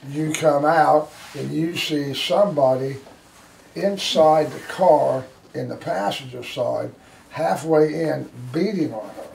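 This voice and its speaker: A man teaching a firearms class, blunt and forceful, acting out street scenarios for his students. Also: fairly high pitch, gravelly, a little hiss or hum. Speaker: firearms instructor. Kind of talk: classroom instruction. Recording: echoey room from far off.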